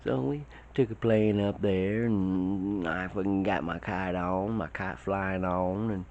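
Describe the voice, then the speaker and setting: A man telling a rambling, profane tall tale in a casual way, his voice shooting up high when the story gets excited. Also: slow, slight background noise. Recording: dull lo-fi recording.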